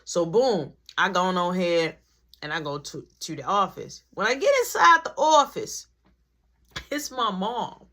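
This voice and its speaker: A young adult woman telling a story in a storytime vlog, slangy and animated, acting out every part. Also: fairly low pitch, unhurried.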